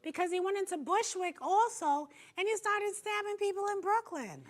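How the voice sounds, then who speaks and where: A woman's voice: very high voice, expressive, normal speed. A woman co-hosting a casual talk show, emphatic and repeating her points with frequent laughter. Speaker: co-host.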